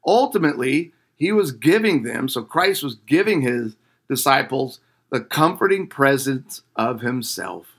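A man with a bright, forceful voice leads a devotional lesson for couples. He talks in a loose, conversational way and keeps putting questions to his listeners. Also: medium pitch, animated, measured pace, breathy edge. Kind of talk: casual devotional teaching.

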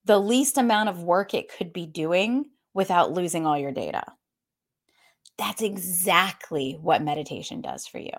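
Candid woman fitness instructor, lowish voice. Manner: warm, candid, addresses listeners directly as y'all; laughs between points, conversational. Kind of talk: motivational talk to fitness professionals.

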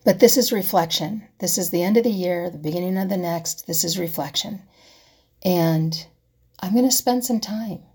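A woman's voice: on the low side, normal speed, husky. A woman talking reflectively to camera, asking herself a string of questions and sometimes dropping to a whisper. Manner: asks herself rhetorical questions, drops to soft whispers. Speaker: vlogger. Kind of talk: reflective personal talk.

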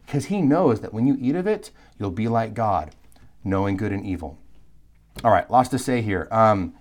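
Lively male Bible lecturer, low voice. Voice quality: animated, emphatic, conversational with asides and restarts. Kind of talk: live recorded lecture.

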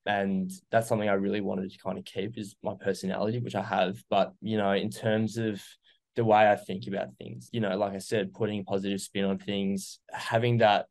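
A man's voice: fairly low pitch, level tone, fairly quick, a little mellow. A young man, earnestly reflecting on his recovery as an interview guest, with many fillers. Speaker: guest sharing recovery story. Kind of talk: casual interview.

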